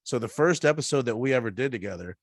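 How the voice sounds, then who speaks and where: A man's voice: mid-range voice, expressive, fast, dry recording, studio quality. A man chatting casually as a podcast guest, rambling and often restarting his sentences.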